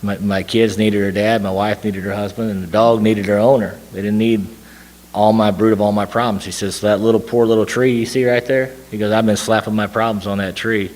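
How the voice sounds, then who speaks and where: A man's voice: fairly low pitch, little pitch movement, brisk, darkish tone. A man telling a long personal story to a recovery group, rambling with fillers and restarts. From Tennessee. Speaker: recovery meeting speaker. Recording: long hall reverb.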